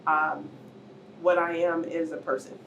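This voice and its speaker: A woman's voice: sits low, little pitch movement, unhurried, creaky, dull audio. A middle-aged woman giving an emotional personal testimony as a cancer survivor at a public talk. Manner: emotional, rising to near shouts and tearful moments. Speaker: cancer survivor speaking at a panel. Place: event hall with audience. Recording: roomy hall, distant mic, faint noise.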